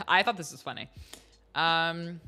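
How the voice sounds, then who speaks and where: A woman's voice: low voice, sharp tone. A woman host chatting casually on a livestream, rambling and giggling with many fillers.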